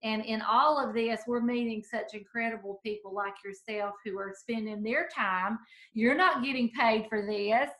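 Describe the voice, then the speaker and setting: A woman's voice: fairly high pitch, moderate pace, fairly bright tone. A woman co-hosting a podcast in a casual chat, effusive and encouraging, often restarting her sentences. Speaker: podcast co-host.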